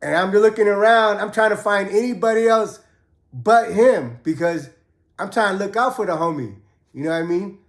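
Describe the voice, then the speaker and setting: Man, slightly high voice, casual and profane storyteller, echoey room. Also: normal speed. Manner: laid-back, profane, acts out quotes in a raised voice. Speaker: host telling prison stories. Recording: roomy echo.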